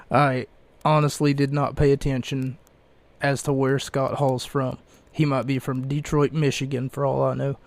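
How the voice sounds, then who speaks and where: A young man hosting a casual podcast, rambling through reviews with many fillers, pauses and restarts. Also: mid-range voice, flat delivery, creaky. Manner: slow, halting, many fillers and self-corrections. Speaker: podcast host reviewing wrestling events.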